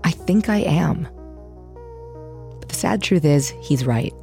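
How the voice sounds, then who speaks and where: An actress playing a podcast host who narrates in a measured, wry and reflective way. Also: female voice, low-pitched, lively intonation, gravelly, music in the background, exaggerated voice. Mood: steady. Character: earnest true-crime podcaster woman. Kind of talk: scripted narration.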